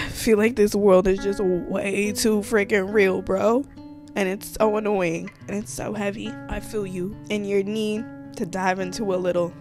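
A young woman talking casually as a book vlogger. She is chatty and dramatic, and she fills her talk with "like.". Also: medium pitch. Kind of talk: casual vlog chat.

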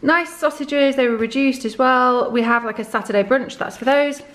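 A woman's voice: high voice, moderate pace, fairly bright tone. A woman in her thirties chatting casually through a grocery haul, a little out of breath, rambling with fillers and restarts. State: slightly out of breath. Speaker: vlogger.

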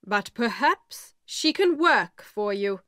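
A woman voicing a calm, blunt male lawyer who speaks in a measured, matter-of-fact way. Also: medium pitch, no room sound, clean studio sound.

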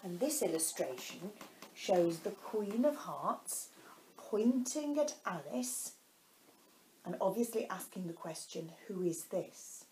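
A woman teacher reads a children's storybook aloud at an unhurried pace, her pitch rising and falling with lively expression. She stops now and then to explain a word, and her voice carries an echo from the room. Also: a little hiss or hum. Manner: slow, explains words to children. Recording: echoey room.

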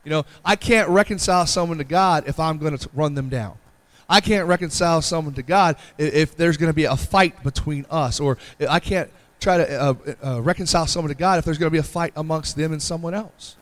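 Earnest man preaching a sermon, slightly high voice. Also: a little fast. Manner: earnest, repetitive pleading delivery with frequent "Amen". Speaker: pastor.

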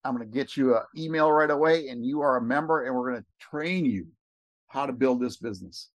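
Excited man walking through a screen share. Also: mid-range voice, no echo. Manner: excited, rambling, talks fast. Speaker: network marketing recruiter.

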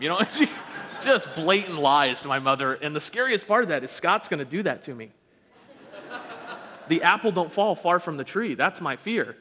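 A man preaching a storytelling sermon, animated and self-deprecating, acting out the voices in his stories. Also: fairly high pitch, brisk, a little hiss or hum. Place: church sanctuary. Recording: long church reverb.

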